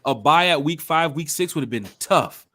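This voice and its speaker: A man's voice: on the high side, expressive, normal speed, bright, forceful tone. A man hosting a casual sports podcast, building up hype as he runs through the season schedule. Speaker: podcast host.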